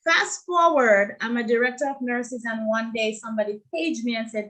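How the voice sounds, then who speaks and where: A middle-aged woman, a nurse telling her story as an interview guest in a heartfelt, animated way. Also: a little high, normal speed, hardly any pauses, rough recording. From Jamaica. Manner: heartfelt, animated when quoting others.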